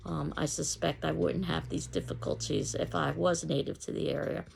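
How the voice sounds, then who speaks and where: A woman from New York City with a New York accent, lecturing on speech delivery. Her voice sits fairly low with a gravelly edge. She explains steadily and clearly, with the odd "um". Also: animated, normal speed, a little mellow, slight background noise. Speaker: public speaking instructor. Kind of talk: recorded online lecture.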